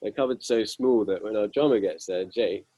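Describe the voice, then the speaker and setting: A young man with a husky voice, telling self-deprecating band stories with lots of fillers in a casual interview. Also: lowish voice, normal speed, mellow, a little hiss or hum, low-quality recording. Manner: self-deprecating, amused, rambling with many fillers. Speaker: guitarist guest.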